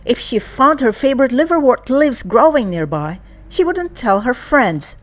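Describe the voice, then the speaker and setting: A woman reading a children's picture book aloud in an expressive storytelling manner. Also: on the high side. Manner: slow, expressive and animated reading. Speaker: storybook reader.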